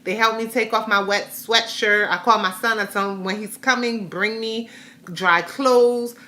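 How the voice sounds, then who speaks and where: A woman's voice: on the high side, fairly even intonation, a little slow, pushed and bright. A woman vlogger, mother of a grown son, candidly retelling a hard day with rambling restarts. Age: adult, has a grown son. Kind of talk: personal storytelling vlog.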